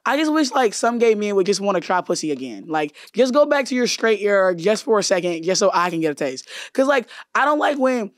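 A woman's voice: mid-range voice, very animated, brisk, few pauses, no echo, clean studio sound. A woman hosting a podcast, bantering in a flirtatious, profane, casual way. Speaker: podcast host. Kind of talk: casual chat.

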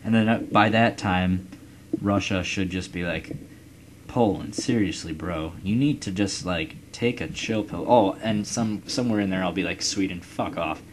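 Deep-voiced man rambling over gameplay. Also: normal speed. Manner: rambling, profane, musing aloud. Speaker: let's play gamer. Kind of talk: casual gameplay commentary. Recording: loud background noise.

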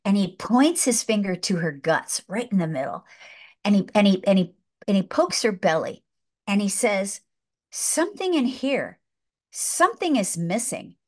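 A woman guest tells a film story with mounting excitement, turning each scene into a spiritual lesson. She talks emphatically, doubles back on her words and punches key phrases. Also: medium pitch, moderate pace. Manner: excited, emphatic, repeats herself. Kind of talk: animated storytelling in a faith talk.

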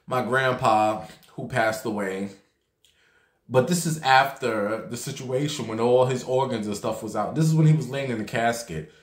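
A man telling a casual story straight to camera, chatty and animated, dropping swear words and filling gaps with "like". His voice sits at an ordinary middle pitch. The room gives it a noticeable echo. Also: normal speed. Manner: chatty and animated, swears freely, leans heavily on "like". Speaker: vlogger. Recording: roomy echo.

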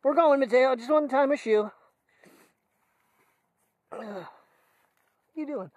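A man's voice: very high-pitched, slow. A man chatting casually through a daily vlog outdoors, laughing often and talking to his dogs on a clip-on mic. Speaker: vlogger. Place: outdoors with dogs in cold air. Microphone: wireless clip-on mic.

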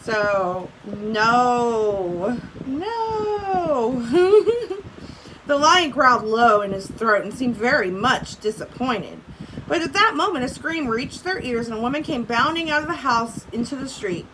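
A woman's voice: a little high, expressive, moderate pace, background noise. A woman teacher reading a story aloud to her class, breaking off to make casual comments and laugh.

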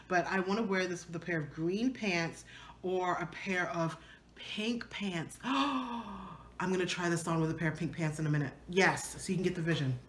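Bright-voiced chatty woman vlogger. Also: fairly low pitch. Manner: animated, chatty, acts out arguments with her husband in playful voices. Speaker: fashion vlogger. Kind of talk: casual thrift haul chat.

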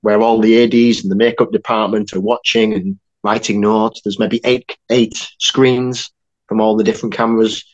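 A young man, an actor and filmmaker, telling a lively story on a podcast with quick asides. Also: fairly low pitch, dull audio. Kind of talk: casual anecdote telling.

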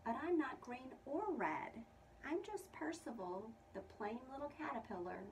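A woman voicing a plain, gentle little male caterpillar in a children's storybook, speaking slowly and softly. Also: mid-range voice, huge pitch swings, vocal fry, distant mic, a little hiss or hum, heavily acted, poor audio. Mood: sad.

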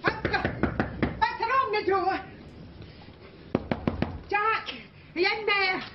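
An actress playing a frantic neighbour calling at a door, speaking. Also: female voice, very high voice, drawn-out words, echoey room, recorded from a distance, dull audio, full character voice. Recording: noisy TV clip with crowd.

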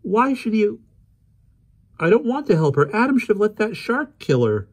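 A man voicing a passionate teenage girl, pleading and crying out in a high, insistent voice. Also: sing-song, moderate pace, slightly rough, exaggerated voice. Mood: indignant.

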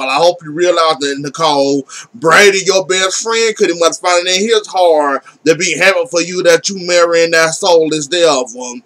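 A man's voice: a little high, normal speed, hardly any pauses, a bit bright. A man giving a casual, opinionated soap opera recap, sassy and blunt, swearing and talking back to the characters.

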